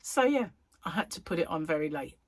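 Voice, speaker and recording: A woman's voice: deep voice, fairly quick, no echo. A middle-aged woman, a crochet vlogger, chatting casually to her viewers and telling stories with laughter. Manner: chatty, laughing, animated storyteller.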